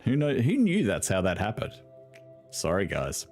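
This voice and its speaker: A man's voice: low voice, very animated, normal speed, a little mellow, faint music behind. A young man commentating on a video game in a casual, sarcastic way, swearing freely and laughing often. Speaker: gaming video host.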